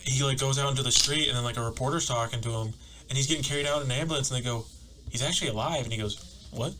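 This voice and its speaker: A man's voice: medium pitch, steady tone, rapid-fire, pushed and bright, a little hiss or hum. A young man co-hosting a casual podcast, laughing often and acting out quotes as he tells stories. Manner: laughing storyteller, acts out quotes. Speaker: podcast co-host. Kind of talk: casual chat.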